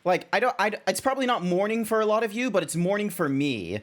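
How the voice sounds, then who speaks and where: A man's voice: sits high, expressive, quick pace, a bit bright. A young Australian man streaming as a VTuber, chatting casually and rambling with many restarts. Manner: rambling, self-correcting, chatty.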